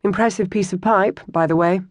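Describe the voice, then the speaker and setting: Narrator voicing a brisk young woman schemer. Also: medium pitch, steady tone, dry recording, studio quality, pitched above the performer's own voice, natural voice.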